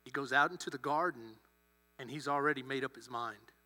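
A male pastor telling a story in a sermon, animated, acting out the characters' lines. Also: medium pitch, brisk. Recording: long hall reverb with mains hum.

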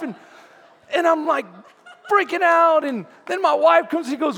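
A man preaches in a high, lively voice that carries through a large hall with a long echo. He acts out the lines of his story, dropping to near murmurs and then climbing to shouts, with frequent laughter. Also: normal speed. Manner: animated, acts out dialogue, laughs often, swings from quiet to shouting. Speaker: pastor. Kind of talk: sermon with storytelling.

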